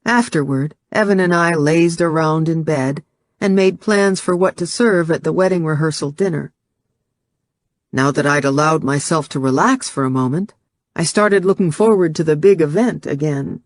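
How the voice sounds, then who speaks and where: A man reading a first-person novel aloud as audiobook narration, in a measured, steady storytelling manner on a close studio mic. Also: fairly high pitch, dry recording.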